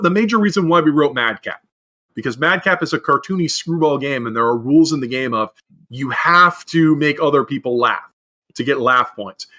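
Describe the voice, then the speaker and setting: Speaking in a mid-range voice that sounds pushed and bright, this game design podcast co-host chats casually. He rambles at length, often restarting his thoughts and leaning on fillers.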